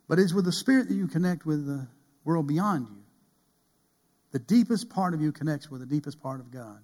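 A man preaching a sermon from a pulpit, rising to loud emphasis and then dropping to a hushed near-whisper. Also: fairly high pitch. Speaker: pastor. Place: church pulpit.

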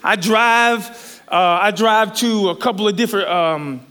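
A man preaching a sermon, telling a story in an animated, rambling way with many restarts. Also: high voice, unhurried, smooth.

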